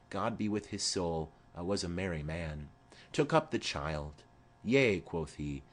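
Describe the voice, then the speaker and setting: Rambling old nurse, read by a man. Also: lowish voice. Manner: rambling, digressive storytelling. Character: chattering elderly woman nurse, rambling and fond. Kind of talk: audiobook reading of a play.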